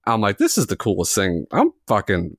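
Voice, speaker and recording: A man's voice: lowish voice, wildly swooping pitch, moderate pace, no room sound, studio quality. A man in his forties, a podcast co-host telling a long, self-mocking story in a casual chat, with filler words and the odd swear. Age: 40s.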